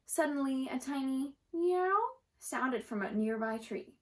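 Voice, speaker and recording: Woman storyteller, gentle read-aloud for kids, slightly high voice. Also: animated, slow pace, low-quality recording. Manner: gentle, occasional slips and self-corrections.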